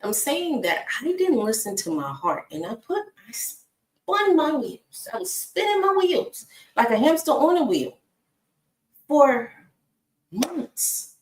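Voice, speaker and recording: A woman's voice: sits high, big pitch swings, slow pace, recorded from a distance. A woman giving a casual faith talk, chatting straight to her viewers and breaking off now and then to talk to her dog. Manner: conversational, talks to her dog between points. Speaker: inspirational speaker. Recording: echoey room, away from the mic.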